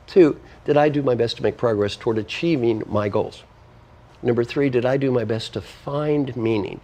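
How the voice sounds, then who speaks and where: This interview guest, an author and coach, talks at a moderate pace with a dark, medium-pitched voice. In a conversational setting, he teaches emphatically, organizing his points into a numbered list.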